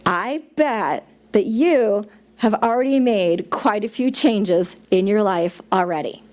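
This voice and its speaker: A woman's voice: medium pitch, animated, takes it slowly, darkish tone. A middle-aged woman minister giving a chatty, playful sermon to a congregation, joking along the way. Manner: chatty, playful, laughs at own jokes. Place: church sanctuary.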